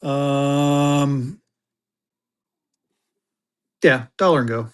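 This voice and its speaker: A man's voice: mid-range voice, extremely slow, clear, resonant tone. A man selling banknotes on a live stream, chatting casually with fillers and thanking his buyers. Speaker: livestream seller. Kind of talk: casual live auction chat.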